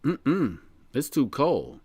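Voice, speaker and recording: A man's voice: mid-range voice, wildly swooping pitch, drawn-out words, mellow, husky, dry recording, clean studio sound. A man hosting a casual live podcast chat, laid-back and slangy, laughing often. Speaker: podcast host.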